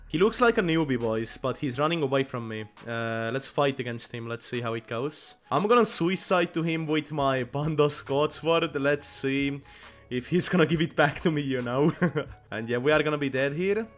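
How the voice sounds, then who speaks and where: Young guy yelling and laughing over his game, voice jumps all over, kinda high, faint music behind. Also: expressive, normal speed. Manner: swings from muttering to loud laughing outbursts, swears a lot. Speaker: gaming YouTuber. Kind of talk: excited gameplay commentary.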